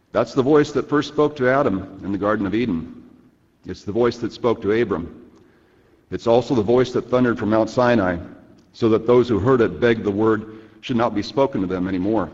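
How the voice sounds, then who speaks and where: A man delivering a sermon in a measured, earnest way, reading scripture passages aloud. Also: lowish voice, a little mellow. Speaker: preacher. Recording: lo-fi with long reverb.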